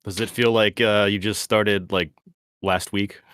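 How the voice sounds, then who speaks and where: Male podcast guest, slightly low, relaxed and jokey. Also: a little slow, clear, resonant tone. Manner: easygoing, joking. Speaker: podcast guest, host of another show. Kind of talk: casual podcast chat.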